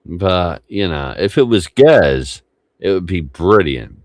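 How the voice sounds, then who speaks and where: A man's voice: low-pitched, sing-song, unhurried, dry recording, clean studio sound. A man hosting a livestream podcast, rambling and swearing casually as he gives context to old clips. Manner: rambling, swears often, trails off. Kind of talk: casual commentary over archive clips.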